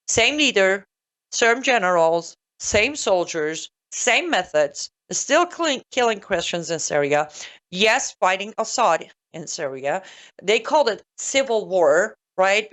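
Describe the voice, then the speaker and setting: A woman's voice: lowish voice, expressive, unhurried, a bit bright. Sarcastic woman delivering political commentary. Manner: sarcastic, emphatic, repeats points for stress.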